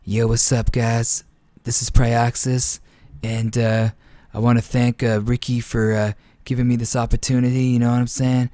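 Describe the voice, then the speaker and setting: A man putting on a relaxed young gamer dude who drawls through his words and stalls on filler sounds. His voice sits at a middling pitch. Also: normal speed, dry recording, lightly acted. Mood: laid-back. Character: laid-back young male gamer, an impression of a top player.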